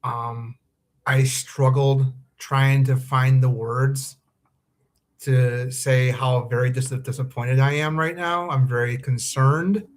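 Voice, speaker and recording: A man's voice: mid-range voice, flat delivery, takes it slowly. A man hosting a live fan podcast, talking earnestly and anxiously, with many ums and restarts. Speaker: podcast host. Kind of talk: live-streamed commentary monologue.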